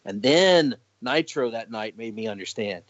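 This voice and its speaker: A man telling stories in a casual podcast chat, his voice rising and falling in an animated way, with a laugh never far off. His sentences often restart as he goes. The audio is dry and a little muffled. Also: mid-range voice, normal speed, no room sound. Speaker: podcast guest.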